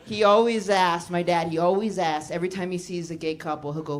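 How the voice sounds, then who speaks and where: A woman doing a stand-up set on a comedy club stage, telling stories in a deadpan way and jumping into quick voices for her family. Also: lowish voice. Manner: deadpan storytelling, acting out her dad and mom in quick voices. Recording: live club recording, crowd laughter and noise. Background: audience laughter.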